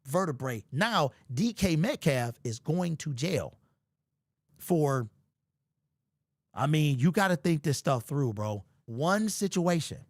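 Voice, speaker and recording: High, lively man hosting sports talk. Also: slow, no echo, studio quality. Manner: animated, joking and hyperbolic, slangy. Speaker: sports show host. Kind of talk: casual sports commentary.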